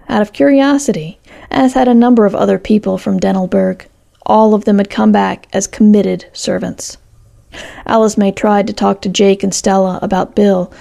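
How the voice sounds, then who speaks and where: Woman, story narrator, steady measured reading, heavily gravelly voice, mellow dark tone. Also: mid-range voice.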